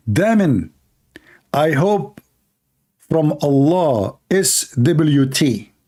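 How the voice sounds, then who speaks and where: A man's voice: a little high, big pitch swings, extremely slow, pauses often, mellow. A man giving mocking live-stream commentary while reading viewer comments aloud, sarcastic and teasing. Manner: sarcastic, teasing, laughs at his own jokes.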